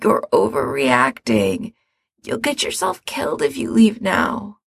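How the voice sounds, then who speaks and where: Woman voicing a hoarse, feverish young man. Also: mid-range voice, huge pitch swings, unhurried, dry recording, clean studio sound, pitched above the performer's own voice, full character voice. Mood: pleading. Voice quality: raspy, hoarse. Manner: weak, often near-whispered pleas. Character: feverish sick young man, weary and pleading.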